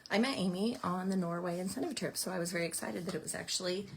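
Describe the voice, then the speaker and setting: A woman's voice: fairly low pitch, fast, creaky, noisy background. A woman teaching a card-making class, chatting casually as she explains each step while working. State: out of breath at times. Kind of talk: casual craft tutorial.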